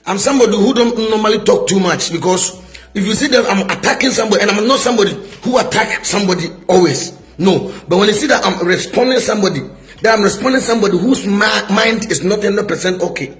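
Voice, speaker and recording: A man's voice: high-pitched, fairly bright tone. A middle-aged man with a Ghanaian English accent, a prophet scolding a rival in a heated video response, full of rhetorical questions.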